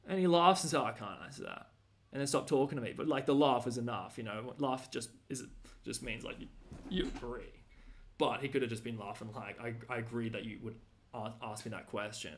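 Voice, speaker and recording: A man's voice: mid-range voice, fairly quick. An Australian man ranting casually, rambling and slangy with lots of fillers and restarts.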